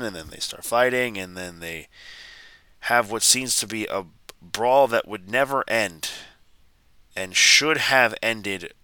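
A man's voice: on the low side, bright, forceful tone, clean tone, dry recording. A man hosting a podcast, retelling a wrestling segment in a rambling, exasperated way with frequent restarts. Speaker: podcast host. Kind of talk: casual wrestling recap.

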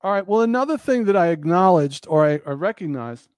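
High-voiced man, impassioned monologue. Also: lively intonation, a little fast, darkish tone, smooth, dry recording. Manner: earnest, preacherly, repeats phrases for emphasis.

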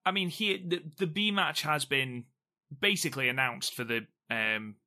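A man's voice: medium pitch, normal speed, sharp tone. A man co-hosting a podcast, recapping a show in chatty casual talk with asides. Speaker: podcast co-host.

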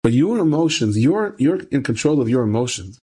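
This rabbi's voice is slightly rough and fairly quick. He shares a moral tale conversationally, leaning on repeated phrases to drive points home, and he goes higher in pitch as his excitement builds.

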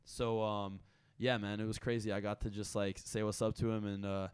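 A man's voice: lowish voice, flat delivery, normal speed, clear, resonant tone. A man chatting casually on a podcast, talking loosely with lots of filler words and slang. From Brooklyn. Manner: chatty, says "like" and "bro" a lot.

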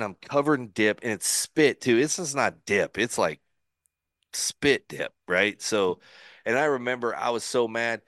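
A man in his forties, a former pro pitcher, telling stories as a podcast guest and laughing along. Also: no room sound, studio quality. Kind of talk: casual storytelling.

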